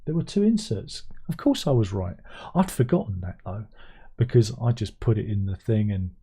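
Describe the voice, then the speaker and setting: Older British man, livestream host, casual rambling chat, dark and slightly husky tone. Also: fairly low pitch, lively intonation, normal speed. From Britain. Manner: rambling, chatty, self-mocking asides.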